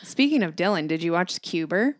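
A woman's voice: on the low side, animated, fairly quick, dry recording. A young woman in casual chat, joking with dry, wry remarks. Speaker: podcast co-host.

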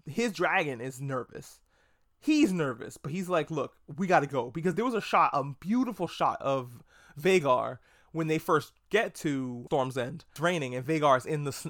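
A man hosting a casual video review of a TV episode, talking excitably, rambling and swearing a lot. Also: fairly high pitch, dry recording, studio quality. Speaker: TV show reviewer.

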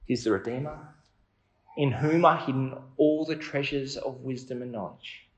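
A man's voice: mid-range voice, normal speed, echoey room, lo-fi sound. A man preaching a sermon in an earnest, conversational way, asking his listeners questions.

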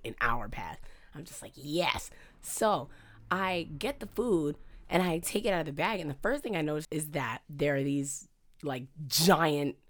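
Woman, low voice, podcast co-host, casual storytelling, animated, acts out quotes. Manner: animated storyteller who acts out quotes, many "I'm just like".

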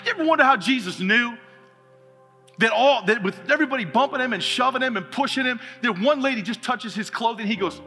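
A high-pitched man with a bright, forceful voice preaches a lively sermon as a pastor, mixing funny stories with emphatic calls. His voice rings out in a reverberant hall with faint music underneath. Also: quick pace. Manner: animated, humorous storytelling with laughter. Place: church sanctuary.

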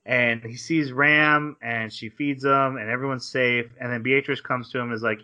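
A man with a bright, forceful voice rambles through an episode recap and drops quick quoted asides along the way. The casual podcast audio sounds a little dull and lo-fi. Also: medium pitch, steady tone. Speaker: podcast co-host.

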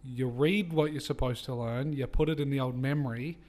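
A young man hosting a casual podcast, joking crudely and sometimes rushing his words. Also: medium pitch, a little mellow. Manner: joking, crude, bursts of fast talk. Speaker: podcast host. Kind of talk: casual chat.

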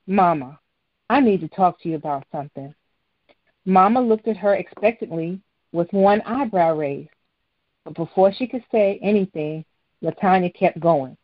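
A woman's voice: mid-range voice, no echo. Woman reading a story aloud, dry sound. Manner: steady, even reading with occasional stumbles. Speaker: narrator. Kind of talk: storybook narration read aloud. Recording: dry, slightly dull lo-fi recording.

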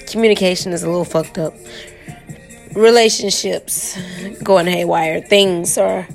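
Hoarse woman with a gravelly voice. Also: lowish voice, fairly even intonation, a little slow, a little mellow, faint music behind. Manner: chatty, addresses listeners with "okay?" and "y'all". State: hoarse, lost voice. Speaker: tarot reader and podcast host. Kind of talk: casual tarot forecast podcast.

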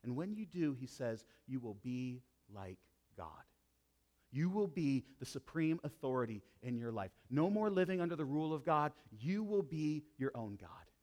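A man preaching a sermon as a pastor, with dramatic swings between loud emphasis and hushed intensity. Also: on the high side, expressive, normal speed, hardly any pauses.

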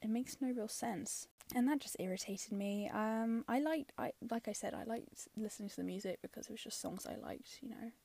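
Chatty woman with a gravelly edge. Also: fairly high pitch, moderate pace, hardly any pauses, mellow. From London. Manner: chatty and opinionated, many fillers, drops into whispery asides. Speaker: film reviewer. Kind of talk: casual spoken film review.

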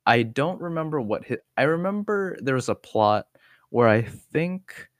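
A man's voice: mid-range voice, measured pace, dry recording, studio quality. A young man co-hosting a podcast, chatting casually about films with crude jokes. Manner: animated, joking, crude humor. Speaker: podcast co-host. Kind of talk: casual chat.

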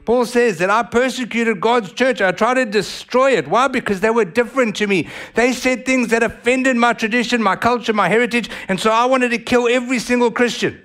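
High-voiced South African preacher. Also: male voice, brisk, hardly any pauses. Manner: animated, acts out voices of others. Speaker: pastor. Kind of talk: sermon.

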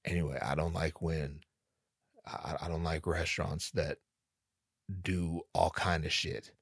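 A man's voice: rumbling low, little pitch movement, unhurried, vocal fry, husky, dry recording, studio quality. A man telling a comic story in a casual, rambling way, swearing often and stumbling over his words. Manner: profane, rambling, self-interrupting. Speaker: comedian.

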